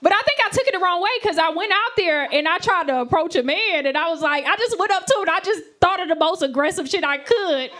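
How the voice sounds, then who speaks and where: A young woman performing a stand-up comedy set, animated and acting out the voices of the people in her stories. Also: extremely high pitch, quick pace, hardly any pauses. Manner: animated, acts out voices of men and friends. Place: comedy stage. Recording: live show with audience laughter.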